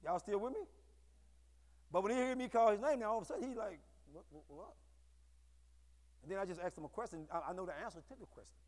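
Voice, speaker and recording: A man preaching a sermon to his congregation, with call-and-response and bursts of shouting. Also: high-pitched, animated, racing. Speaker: pastor. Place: church sanctuary. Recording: echoey hall.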